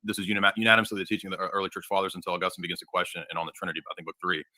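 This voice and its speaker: A man argues his case in a formal debate, fast and assertive, piling up his points. His voice sits very low but has a sharp, forceful edge. The sound is dry and close. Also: fairly even intonation, dry recording. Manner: rapid, assertive, argumentative.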